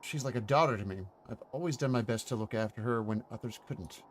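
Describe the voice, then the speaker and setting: A man's voice: mid-range voice, fast talker, a little hiss or hum, close to an everyday voice. A man doing a loyal old Scottish servant. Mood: earnest. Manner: dialect words, old-fashioned grammar. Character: loyal older manor servant, protective and plainspoken.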